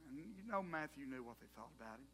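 A male pastor, preaching a sermon as an animated storyteller who jokes with the congregation. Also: medium pitch, quick pace, slight background noise.

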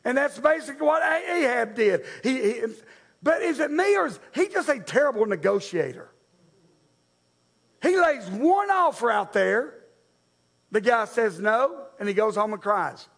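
A man preaching a sermon as pastor, animated and talking straight to the congregation. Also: very high voice, measured pace, creaky. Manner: animated preacher, acts out voices, addresses men and ladies.

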